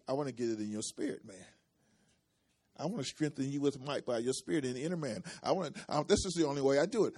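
In a medium-pitched, somewhat mellow voice, a pastor preaches a sermon full of repeated phrases, asking the congregation to respond as his intensity swells and ebbs.

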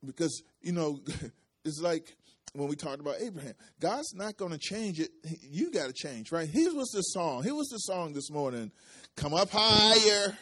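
This pastor's voice sits a little high and has a sing-song lilt, a slightly mellow quality and a breathy edge, and he speaks at normal speed. In his sermon he repeats phrases and calls for responses from the congregation, his intensity climbing and falling.

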